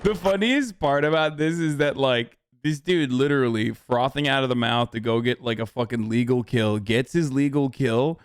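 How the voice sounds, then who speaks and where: A man's voice: mid-range voice, normal speed, few pauses, clean tone, no room sound, studio quality. A young man hosting a livestream, ranting in a casual, profane and argumentative way. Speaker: livestream host.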